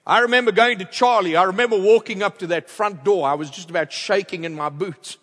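Guy preaching with a headset mic, goes loud then real quiet, big echoey church sound. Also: high voice, a little fast. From outside the United States. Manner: animated, swings from loud to hushed. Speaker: guest preacher. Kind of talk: storytelling sermon. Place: large church. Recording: long reverb of a large church.

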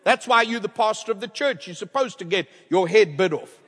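Guy preaching with a headset mic, goes loud then real quiet, big echoey church sound. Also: high-pitched, brisk, husky. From outside the United States. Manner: animated, swings from loud to hushed. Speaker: guest preacher. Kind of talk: storytelling sermon. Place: large church. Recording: long reverb of a large church.

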